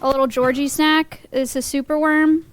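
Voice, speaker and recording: A woman's voice: high-pitched, steady tone, moderate pace, dry recording. A woman acting as an animal educator, explaining frog facts in a patient, informative way with dry humor. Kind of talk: casual explanatory chat.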